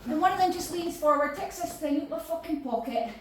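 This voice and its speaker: A high-pitched middle-aged Scottish woman tells an off-the-cuff stand-up story, brash and sweary, acting out every other person in it. She was recorded live in a roomy club from a distance. A crowd laughs loudly behind her. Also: fast. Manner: swears a lot, broad and brash, acts out quotes. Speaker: stand-up comedian. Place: comedy club stage. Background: audience laughing.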